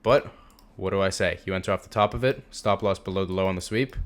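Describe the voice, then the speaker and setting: A man's voice: sits low, quick pace. A young man teaching a trading lesson over a screen share, casual and emphatic, repeating words for stress. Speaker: trading instructor.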